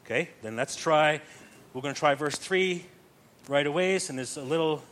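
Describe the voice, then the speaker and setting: A man's voice: on the high side, moderate pace, a bit bright, a little hiss or hum. A man teaching psalm chanting step by step, patient and explanatory, often checking that listeners follow.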